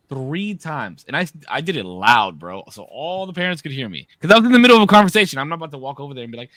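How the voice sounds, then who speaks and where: Male co-host in his thirties, animated profane storyteller, sharp bright tone. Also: on the high side, fast, few pauses, no room sound. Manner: animated, profane storytelling with loud quoted outbursts. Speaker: podcast co-host. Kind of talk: casual storytelling.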